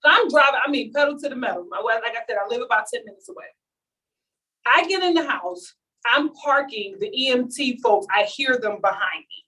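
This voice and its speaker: A woman telling a story to a live audience in an animated, comic way, acting out what each person said. Her voice sits a bit high. She is picked up by a mic some way off at the event. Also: brisk, distant mic, rough recording. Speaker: speaker at a launch event.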